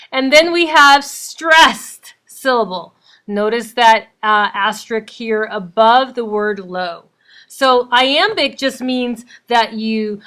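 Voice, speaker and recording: A woman teacher with a slightly high, sharp-toned voice gives a recorded classroom lecture. She explains things step by step, counting out points with emphasis.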